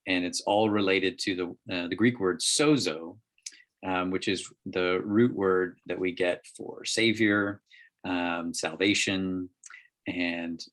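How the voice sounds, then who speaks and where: A man leading a Bible study over a group call, explaining scripture in a halting way with many ums and restarts. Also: sits low, a bit bright. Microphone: call microphone.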